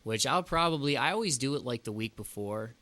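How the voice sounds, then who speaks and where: A man's voice: mid-range voice, animated, brisk, sharp tone, no echo. A man hosting a podcast in casual chat, ranting with emphatic outbursts. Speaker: podcast host.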